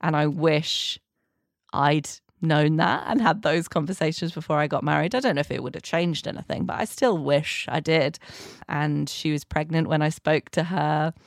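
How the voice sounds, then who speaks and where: A woman's voice: low voice, moderate pace, vocal fry, no echo, studio quality. A woman hosting a podcast, recapping past guests in a chatty, rambling way with asides. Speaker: podcast host.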